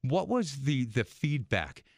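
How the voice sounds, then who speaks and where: A middle-aged man hosts a talk show with a teasing, storytelling manner. His voice sits at an ordinary pitch. The sound is dry and close. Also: slow, no room sound. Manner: jokey storyteller, animated quoting. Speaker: radio host. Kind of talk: casual chat and anecdote.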